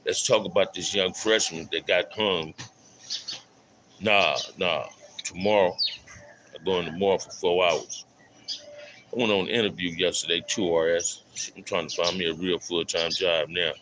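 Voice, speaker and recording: A man's voice: sits low, steady tone, moderate pace, long pauses, background noise. A middle-aged man hosting a casual livestream, reading chat aloud, repeating his phrases and calling out viewers in loose street slang. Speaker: livestream host. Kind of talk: casual live stream talk reading chat.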